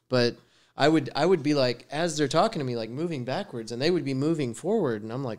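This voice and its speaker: A man's voice: medium pitch, fast. A man from West Texas with a Texan accent, hosting a podcast and chatting casually with a guest, telling stories and laughing easily. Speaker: podcast host. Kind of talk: casual chat. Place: studio with guest six feet away.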